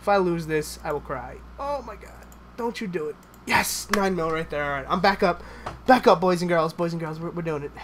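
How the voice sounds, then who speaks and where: A man giving live gameplay commentary, excitable and swearing a lot, swinging from low muttering to shouting at the game. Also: brisk, music in the background. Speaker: gamer.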